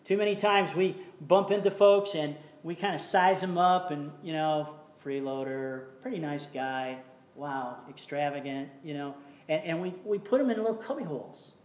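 A man preaching a sermon in a church, reading scripture slowly and telling a story between verses, sometimes dropping almost to a whisper. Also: on the high side, a little mellow. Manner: reads scripture slowly, tells jokes, drops to near whisper. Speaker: pastor. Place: church sanctuary.

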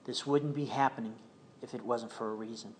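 An older man preaching a sermon in an earnest, compassionate way, sometimes dropping to a soft hush. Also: medium pitch, steady tone, fairly quick, slight background noise. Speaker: pastor.

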